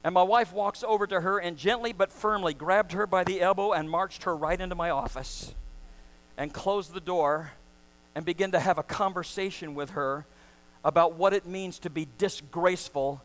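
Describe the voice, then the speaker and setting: A middle-aged man preaching a sermon as pastor, full of passion and swinging from loud to hushed. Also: high-pitched, normal speed, rough recording.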